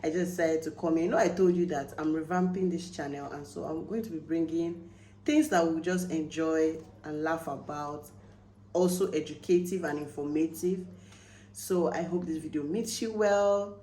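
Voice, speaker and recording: A woman with a Nigerian accent talks casually to her viewers, turning animated when she acts out everyday phrases. Her voice sits low, and the room gives it a roomy echo with a faint hum behind. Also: moderate pace. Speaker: vlogger. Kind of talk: casual explainer vlog.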